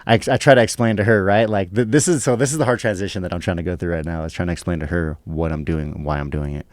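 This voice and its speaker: A man's voice: low voice, fast, no echo. A young man chatting casually on a podcast, rambling with lots of fillers and swearing. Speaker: guest, pro fighter.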